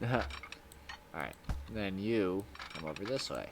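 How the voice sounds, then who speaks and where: A man's voice: deep voice, animated, slow pace, background noise. A man giving casual gameplay commentary as a streamer, rambling and swearing with chuckling asides.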